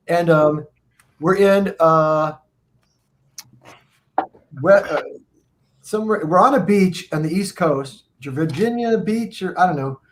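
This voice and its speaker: A man on a video call stream, telling tour stories in an animated, rambling, profane way. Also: a little high, slight background noise. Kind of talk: casual storytelling on a live video stream.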